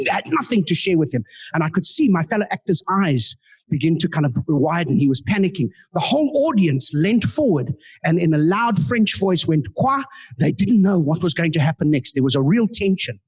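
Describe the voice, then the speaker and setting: A man's voice: high-pitched, lively intonation, a little fast, husky. A man doing live stand-up, telling playful self-mocking stories with asides to the audience. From South Africa. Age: 40s. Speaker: comedian and guest speaker. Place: indoor club meeting room.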